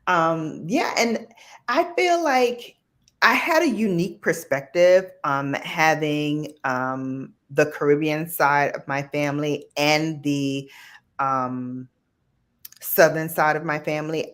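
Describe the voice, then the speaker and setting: In a low, even voice, a woman chats as a guest on a live stream, rambling through reflective stories packed with fillers and asides.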